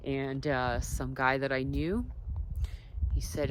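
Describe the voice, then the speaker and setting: A woman telling personal stories in a casual, reflective vlog. She drifts between soft asides and emphatic points. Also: rumbling low, little pitch movement, unhurried, background noise. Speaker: wellness vlogger.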